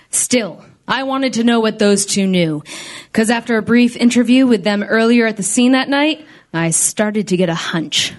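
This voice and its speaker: A woman narrating as a hardboiled, wisecracking female detective in a comedy radio play, deadpan and full of puns. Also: mid-range voice, natural voice.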